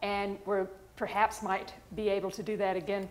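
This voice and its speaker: A woman's voice: mid-range voice, little pitch movement. A woman hosting an educational webinar, giving thankful closing remarks with frequent "uh" fillers. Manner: warm, thankful, halting with fillers. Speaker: webinar host.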